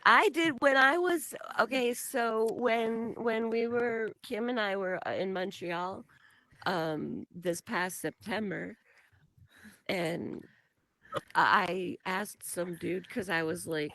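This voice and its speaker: A woman's voice: medium pitch, slow, fairly bright tone, low-quality recording. A woman from Vermont with a light Vermont accent, co-hosting a casual podcast and telling rambling, giggly stories. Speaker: co-host.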